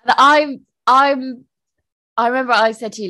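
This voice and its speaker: A woman's voice: high voice, moderate pace. A woman co-hosting a book podcast, telling stories in casual chat with laughs and restarts. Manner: chatty, animated storytelling with laughs and restarts. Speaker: podcast co-host.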